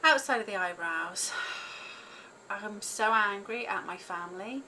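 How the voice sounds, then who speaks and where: A woman with a bright, forceful voice leads a guided tapping session. She calls out tapping points and blunt, profane phrases to repeat. A faint hiss sits under her voice. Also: mid-range voice, a little slow, rough recording. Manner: repeats phrases as tapping prompts, swears, laughs at herself. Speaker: host leading a tapping exercise.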